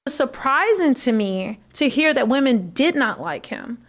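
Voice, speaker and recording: A woman's voice: high-pitched, big pitch swings, a little slow. A woman from the American South chatting casually on a livestream, rambling with many fillers and restarts.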